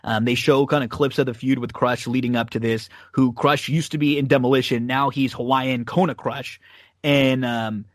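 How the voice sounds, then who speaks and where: Man, podcast host, loose rambling chat, mid-pitched, dry close mic. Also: fairly even intonation, normal speed, no echo. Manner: rambling, many fillers and restarts, laughs often. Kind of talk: casual wrestling rewatch chat.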